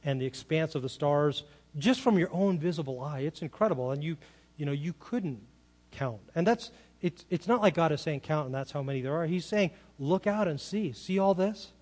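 A man's voice: fairly high pitch, animated, a little fast, a little mellow. A man preaching a sermon in a conversational way, asking rhetorical questions and acting out quoted lines. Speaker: pastor.

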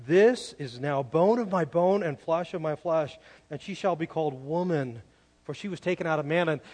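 Earnest male pastor preaching in a hall. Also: on the high side. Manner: earnest, emphatic preaching with repeated restarts. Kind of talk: sermon. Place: church. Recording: long hall reverb.

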